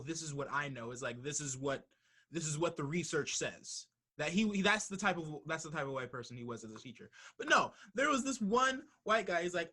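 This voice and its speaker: A young man hosting a casual podcast chat, telling stories in a lively, profane way. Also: a little high. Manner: animated, profane storytelling. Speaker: podcast host. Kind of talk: casual conversation.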